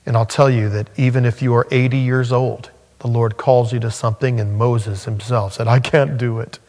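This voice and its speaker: A male pastor delivers an earnest sermon with a mid-pitched voice that jumps up when he acts out scripture. His voice carries a long reverb through the church hall. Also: moderate pace. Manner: earnest, animated preaching that rises sharply when acting out scripture.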